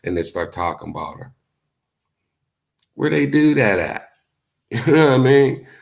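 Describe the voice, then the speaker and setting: A man's voice: a little slow, creaky. A man talking casually to his livestream viewers, telling stories in a loose, profane way and acting out what other people said. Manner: animated storytelling, acts out quotes in high voices; profane, laid-back. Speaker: YouTube streamer. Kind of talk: casual live-stream commentary.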